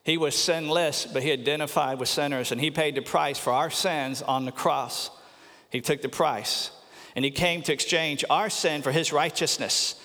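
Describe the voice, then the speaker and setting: A man preaching in a church sanctuary. His voice sits a little high for a man, and long reverb trails after each phrase. His delivery is earnest, and he slows down to stress key points. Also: fairly even intonation, pushed and bright. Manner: earnest preaching, slows for emphasis, repeats words. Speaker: pastor. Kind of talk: sermon.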